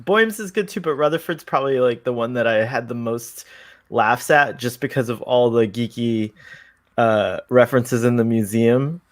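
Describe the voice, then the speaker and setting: A man's voice: mid-range voice, normal speed. A man from the United States talking casually on a podcast, laughing often between remarks. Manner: laughs often, chatty, friendly. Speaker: podcast guest co-host. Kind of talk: casual chat.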